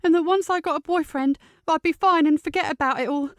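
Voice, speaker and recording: A woman voicing an upset teenage girl, speaking high and quick in an audiobook. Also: no room sound, clean studio sound, natural voice. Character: distressed teenage girl, tearful and defiant.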